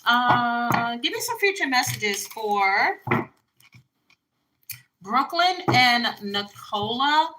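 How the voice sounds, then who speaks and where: A woman's voice: a little high, animated, drawn-out words, long pauses, pushed and bright, low-quality recording. A woman, chatting bluntly and casually through a tarot reading for her viewers. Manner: chatty, blunt, frequent fillers. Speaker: tarot reader.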